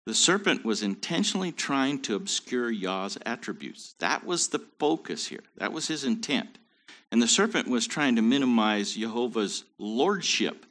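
A man's voice: medium pitch, sing-song, moderate pace, fairly bright tone. A man teaching a Bible study in a conversational way, with joking asides.

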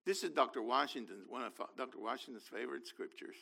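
A man's voice: medium pitch, fast talker, gravelly, pushed and bright. A man teaching from the Bible, reading verses aloud and explaining them with enthusiasm.

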